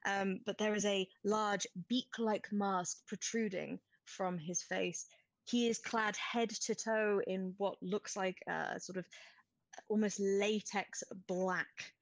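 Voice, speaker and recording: A woman's voice: medium pitch, fairly even intonation, slow, no room sound, low-quality recording. A woman narrating a tabletop game as game master, describing scenes at length with many restarts.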